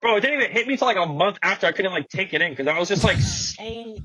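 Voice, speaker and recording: A young adult skateboarding guest in a podcast studio tells a story in slangy, profane language, acting out the quotes. His voice sits high and sounds expressive, pushed, and bright, and he talks quickly, though the audio quality is poor.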